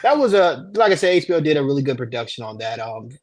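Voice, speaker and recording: A man's voice: medium pitch, fast, dry recording. Teasing man trash-talking sports. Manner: playful trash-talk, teasing and animated. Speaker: podcast co-host. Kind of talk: casual sports chat.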